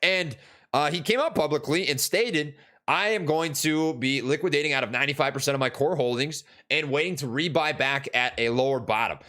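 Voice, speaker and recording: Casting: young male streamer from Minnesota, slightly higher-pitched voice, rambling and casual, answers chat. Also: fairly quick, sharp tone. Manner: rambling, lots of fillers and restarts, answers chat. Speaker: stock market streamer.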